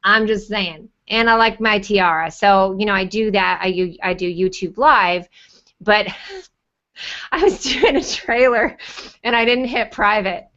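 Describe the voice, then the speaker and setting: A woman's voice: medium pitch, unhurried. Chatty woman on a muffled call. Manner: chatty, rambling, animated storyteller. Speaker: panelist and YouTube show host. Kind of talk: casual panel chat.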